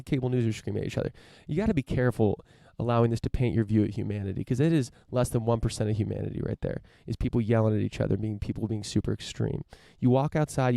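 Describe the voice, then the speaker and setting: A man's voice: medium pitch, creaky, warm tone, dry recording, studio quality. A young man hosting a podcast, rambling through a casual profane rant with lots of restarts and fillers. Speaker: podcast host.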